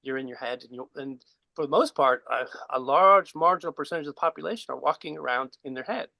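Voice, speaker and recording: A man's voice: a little high, fast, vocal fry, no room sound, poor audio. A man on a video call giving a casual spiritual teaching, rambling and chuckling as he tells a story. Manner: relaxed, rambling, chuckles while telling. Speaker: guest speaker.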